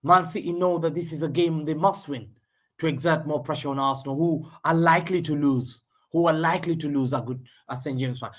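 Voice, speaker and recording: A husky, excitable man gives live football watchalong commentary. His pitch swings widely as he jumps between play-by-play and slangy asides. He repeats phrases as the action unfolds. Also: fairly quick. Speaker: fan host of a live match watchalong.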